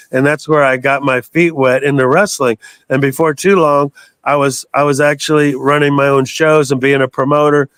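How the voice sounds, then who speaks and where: Recorded dry, this mid-range, fairly bright voice belongs to a US metal singer in his sixties. As an interview guest in a relaxed chat, he tells long, meandering stories and curses without restraint.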